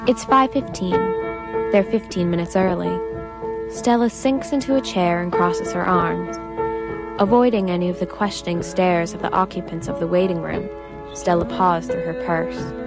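A woman reading a prose story aloud in a measured, storytelling manner. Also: on the low side, fairly even intonation, creaky, over loud music. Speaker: narrator.

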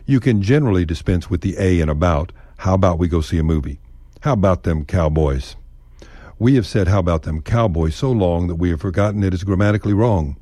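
Male storyteller, warm low voice, relaxed folksy wit. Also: no echo. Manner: folksy, wry and unhurried. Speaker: radio storyteller. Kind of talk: scripted radio commentary.

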